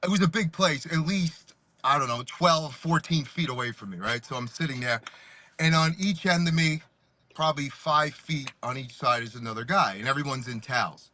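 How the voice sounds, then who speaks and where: A male podcast host telling stories in casual chat, laughing as he goes and shouting when he re-enacts them. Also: a little high, normal speed, a little hiss or hum.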